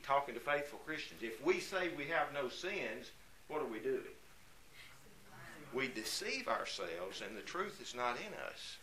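Guy preaching a sermon, pitch all over the place, keeps asking questions then answering them hard. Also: bright, forceful tone, a little hiss or hum, low-quality recording. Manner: emphatic, asks and answers rhetorical questions.

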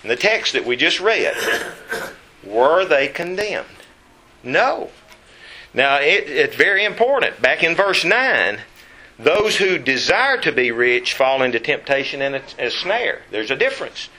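A man preaching a Bible lesson, emphatic and slowing down to stress key words. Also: on the high side, sing-song, bright, forceful tone.

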